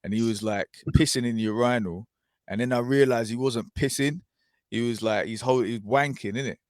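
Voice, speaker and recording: A man's voice: medium pitch, normal speed, dry recording, clean studio sound. A man with a London accent, co-hosting a podcast and telling rambling anecdotes full of "innit" and laughter. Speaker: podcast co-host. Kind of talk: casual storytelling chat.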